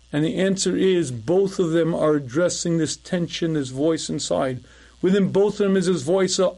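A middle-aged man with a notably high-pitched voice teaches a lecture as a rabbi. He tells stories in a relaxed conversational way and clears his throat often as he goes. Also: normal speed. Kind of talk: recorded lecture with storytelling.

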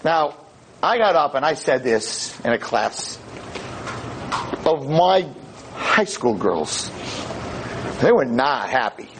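A man's voice: medium pitch, very animated, slow, pauses often, a little hiss or hum, poor audio. A man, a rabbi and teacher, giving an impassioned lecture, emphatic and sprinkled with Hebrew and Yiddish terms. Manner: emphatic, impassioned, rising to near-shouts. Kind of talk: animated Torah lecture.

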